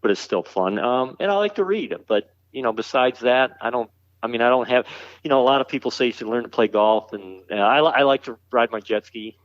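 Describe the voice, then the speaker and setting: A man, a museum founder as guest, chatting casually in a relaxed, halting way that repeats words. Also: mid-range voice, no echo, muffled recording. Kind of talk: casual interview chat.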